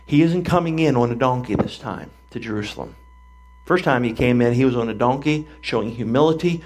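Older guy preaching, gravelly voice, gets animated telling the story, mid pitch. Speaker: pastor. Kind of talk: sermon.

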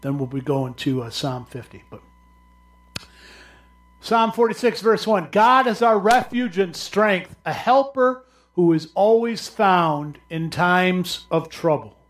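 A male pastor preaching a sermon, swinging from loud, raised cries down to low, quiet murmurs. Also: expressive, takes it slowly.

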